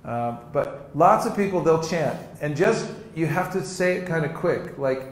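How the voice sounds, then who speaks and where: Guy running a seminar, lively, acts out convos, kinda high voice, big echoey room. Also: unhurried. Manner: lively, demonstrates dialogues, laughs often. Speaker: seminar teacher. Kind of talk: teaching with acted-out demonstrations. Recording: roomy hall echo, faint noise.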